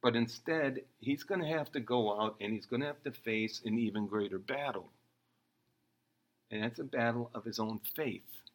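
A man's voice: medium pitch, moderate pace, low-quality recording. A man preaching an expository sermon in a conversational way, acting out the lines he quotes.

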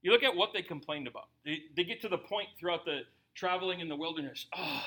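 A man preaches with a high, strikingly bright voice. He talks conversationally to his congregation and keeps breaking into playful voices for the people he describes. His delivery is lively and animated. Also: fast. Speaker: pastor. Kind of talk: sermon.

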